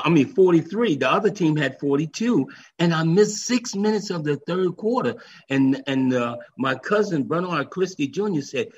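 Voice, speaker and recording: An older man and former football player, telling stories in an interview and acting out the voices he quotes. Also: on the high side. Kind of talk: storytelling interview. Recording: dull lo-fi remote line with faint noise.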